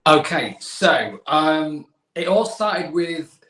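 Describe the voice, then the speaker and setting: A man's voice: fairly high pitch, lively intonation, slow, sharp tone. Chatty English man on an echoey call. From England. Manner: chatty, self-deprecating, rambling with restarts. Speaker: magician guest. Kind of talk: casual video-call interview.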